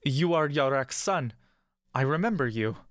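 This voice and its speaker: An actor playing an injured, frightened monk who pleads and begs in a pained, breathless voice. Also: male voice, mid-range voice, animated, measured pace, dry recording, studio quality, pitched above the performer's own voice, lightly acted. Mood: remorseful. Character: wounded, frightened elderly male monk, pleading.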